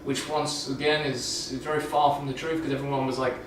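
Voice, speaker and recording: A man's voice: mid-range voice, little pitch movement, fairly quick, noisy background. A man vlogging in a casual film review chat, rambling with lots of "like" fillers. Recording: very echoey room from far off.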